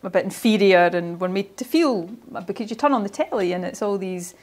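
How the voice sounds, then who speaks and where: A woman's voice: mid-range voice, animated, brisk, darkish tone. Earnest, encouraging Scottish woman. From Ayrshire, Scotland. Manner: earnest and encouraging, often restarts phrases. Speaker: guest speaker. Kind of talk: motivational talk to young players.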